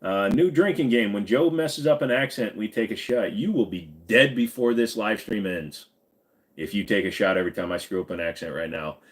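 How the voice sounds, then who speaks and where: A man's voice: on the low side, moderate pace. A man hosting a live stream, chatting casually with viewers in a rambling, joking and profane way.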